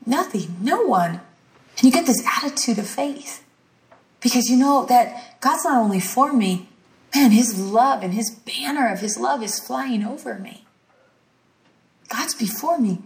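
A woman's voice: on the high side, moderate pace, vocal fry, darkish tone, recorded from a distance. A woman teaching a sermon-style lesson with emphatic, declarative delivery. She leans on repeated phrases, and her voice carries through a roomy, echoing space. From rural ranch country. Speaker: teacher at a healing school.

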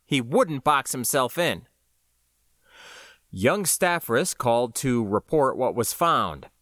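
A man narrating a science fiction audiobook in the first person, with an expressive storytelling delivery. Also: medium pitch, no echo, clean studio sound.

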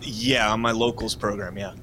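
A man appearing as a guest commentator on a political livestream, explaining his points in a steady, casual way. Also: lowish voice, normal speed.

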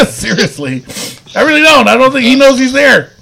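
A man's voice: very high-pitched, wildly swooping pitch, unhurried, creaky, pushed and bright. A man casually recapping wrestling episodes on a podcast, rambling with lots of fillers and frequent laughs. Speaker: podcast co-host.

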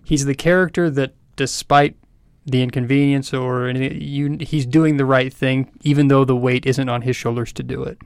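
A man with a smooth, clear voice at an ordinary pitch reflects on the characters he likes, often pausing and hedging as he works out his thoughts. The sound is close and dry. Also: fairly even intonation, no room sound. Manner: thoughtful, hesitant. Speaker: podcast co-host. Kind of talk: casual book discussion.

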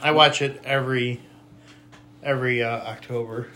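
A man co-hosting a casual podcast chat who speaks bluntly and haltingly, with many fillers. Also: mid-range voice, fairly even intonation, bright, forceful tone. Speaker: podcast co-host.

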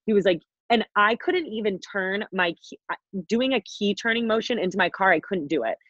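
A woman's voice: mid-range voice, a little fast, a bit bright, no room sound. A young woman in her twenties, a podcast co-host, telling a story in casual chat, rambling and swearing with lots of fillers. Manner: rambling, profane, peppered with "like". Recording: dull, dry podcast audio.

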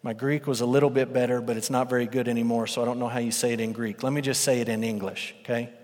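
A male pastor preaching a sermon, telling a parable as a lively storyteller who acts out the characters' voices. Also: medium pitch, fast talker. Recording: long reverb of a large hall.

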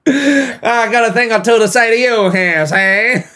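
A man's voice: very high voice, unhurried, bright, forceful tone, pitched above the performer's own voice, heavily acted. A man putting on the voice of a brash old-fashioned tough guy who talks down to people. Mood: swaggering. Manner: swaggering, mocking.

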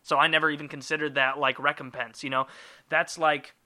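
Bright-voiced rambling man. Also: fairly high pitch, flat delivery, brisk. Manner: rambling, profane, jokey. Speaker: podcast host. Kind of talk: casual solo monologue.

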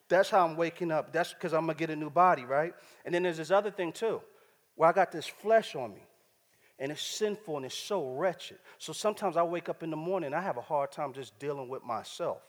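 A man's voice: fairly high pitch, brisk. A man preaching a sermon, using casual street slang and checking in with the congregation as he talks. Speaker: pastor. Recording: church hall reverb.

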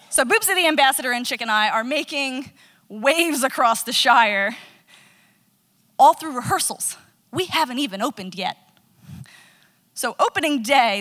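A young woman with a high, bright voice tells a comic personal story, animated and laughing at her own jokes. Her voice carries a long reverb, as if told in a reverberant space. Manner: animated, laughing, self-mocking.

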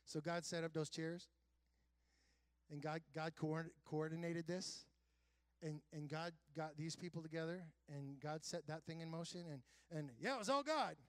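A high-pitched male pastor delivers an earnest sermon, his voice pushing up and getting louder as he presses a point, with sarcastic asides along the way. The recording is dry and close, with no room sound around him. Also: flat delivery, measured pace, dry recording. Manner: earnest preaching with self-described sarcastic humor; builds to loud, high emphatic passages.

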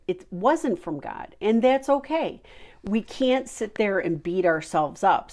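A woman's voice: fairly low pitch, a little mellow. A middle-aged woman giving an informal, heartfelt Christian devotional talk, earnest and full of fillers.

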